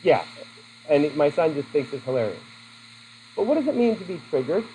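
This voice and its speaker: A man's voice: on the high side, very animated, normal speed, dark tone, a little hiss or hum, poor audio. A man teaching a class in a classroom, chatty and asking his students questions. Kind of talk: classroom lesson.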